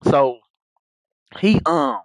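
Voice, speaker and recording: Brief: young guy streamer, storytelling to chat, restarts a lot, lively pitch, dry close sound. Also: drawn-out words, vocal fry, no room sound. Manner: rambling, full of restarts and asides.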